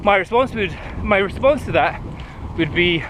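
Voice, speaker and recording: A running vlogger in his thirties films himself jogging on paths near a city, his high voice lively in intonation and normal in speed. He chats casually, a bit breathless and rambling, as traffic and planes rumble in the outdoor background.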